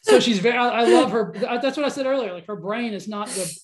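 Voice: mid-range voice, fast. Enthusiastic chatty podcast host. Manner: enthusiastic, rambling, laughs easily. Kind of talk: casual conversational interview.

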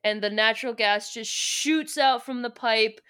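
Bright chatty woman podcast host. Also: fairly high pitch, a little slow, clear, resonant tone. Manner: chatty, full of fillers and laughs. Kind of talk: casual book recap chat.

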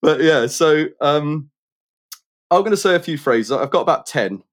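A British musician in casual conversation, chatty and rambling, with lots of fillers and restarts. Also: male voice, fairly high pitch, expressive, normal speed. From Britain.

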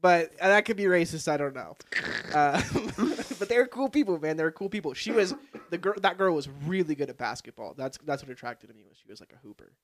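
Young guy podcast host, fairly high voice, swearing, animated storytelling. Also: a little fast. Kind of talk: casual chat.

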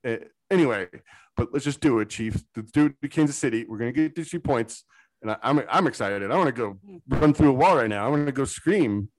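A man co-hosting a casual sports podcast, excitable and rambling, going off on tangents with hype talk. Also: mid-range voice, a little fast, no room sound, rough recording. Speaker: podcast co-host.

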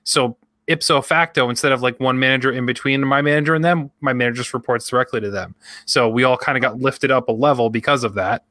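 A man's voice: medium pitch, fairly even intonation, fast talker, hardly any pauses, pushed and bright, dry recording, studio quality. A young man co-hosting a podcast, chatting casually and rambling through work stories while acting out his coworkers' lines. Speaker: podcast co-host. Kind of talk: casual chat.

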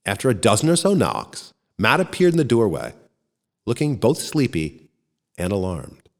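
A man reading a first-person short story aloud in an expressive storytelling manner. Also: fairly low pitch, moderate pace. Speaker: narrator. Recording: long reverb.

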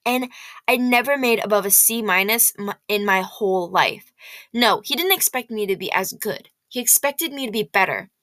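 A woman reading a novel aloud in the first person, lively and expressive. Her voice is bright and forward. The sound is dry and close, with no room echo. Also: medium pitch, normal speed. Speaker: audiobook reader.

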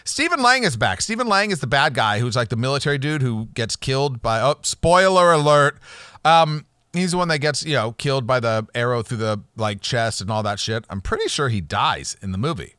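Brief: male podcast host, bright forceful voice, rambling profane rants, dry close sound. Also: mid-range voice, lively intonation, fairly quick, smooth, dry recording. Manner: rambling, profane, jokey ranting. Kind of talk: solo podcast rant.

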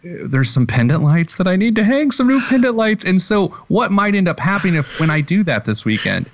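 A man's voice: high-pitched, sing-song, fairly quick, highs cut off, slight background noise. A man who works as a financial planner, a guest on a podcast, talking candidly with self-deprecating humor and open emotion. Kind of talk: casual remote interview.

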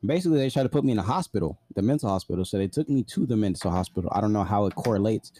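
A man's voice: fairly low pitch, animated, rapid-fire, mellow, slight background noise. A man casually telling a personal story, blunt and profane, full of "like" fillers.

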